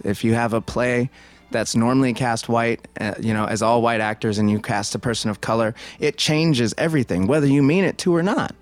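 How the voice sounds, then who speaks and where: Give me a man of middle pitch, talking through a film casually and digressively, with faint music under him. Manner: digressive, thinking aloud with many restarts.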